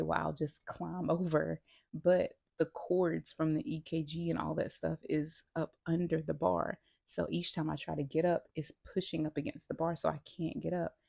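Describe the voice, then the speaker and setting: A woman speaks with heavy vocal fry and a husky, breathy edge, her pitch staying fairly flat. She is casually retelling a personal story for a vlog, acting out what she and others said and restarting her sentences as she goes. The sound is close and dry. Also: no room sound. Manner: retells events with many "I'm like" quotes; chatty, restarts sentences mid-thought. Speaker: vlogger.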